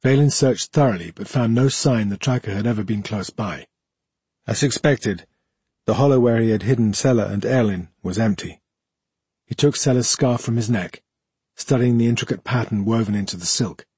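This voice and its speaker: Male audiobook narrator, husky timbre, dry close-miked recording. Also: lowish voice, normal speed, darkish tone, no room sound.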